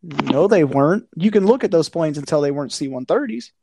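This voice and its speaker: A man's voice: a little high, animated, a little fast, gravelly, warm tone, husky, dry recording, studio quality. A man in casual conversation, blunt and profane, ranting with a conspiratorial tone. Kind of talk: casual chat.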